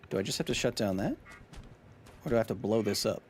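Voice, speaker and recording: Streaming a game, a man in his thirties jokes and chats casually with his viewers in an animated, jokey way. His medium-pitched voice moves a little fast but has long pauses, with slight background noise behind it.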